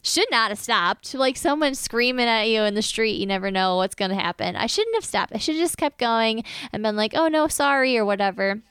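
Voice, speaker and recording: An animated woman tells a story in casual conversation, slipping into the voices of the people she quotes. Her voice sits a little high and sounds smooth and clean. The recording is dry and close. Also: fairly quick, hardly any pauses, no room sound.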